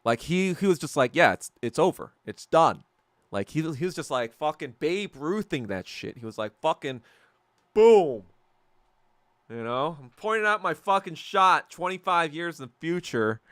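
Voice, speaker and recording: Podcast guy ranting on stream, curses a lot, pitch jumps all over, dry close sound. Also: lively intonation, normal speed, few pauses, sharp tone, no room sound. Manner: profane, rambling and heated. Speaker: podcast host. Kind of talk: casual livestream commentary.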